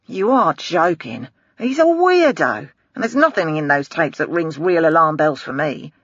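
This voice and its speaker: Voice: medium pitch, big pitch swings, unhurried, a bit bright, husky, no echo, dull audio, heavily acted. A narrator voicing a brash middle-aged male detective who talks in a blunt, sarcastic way and swears freely. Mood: lecturing.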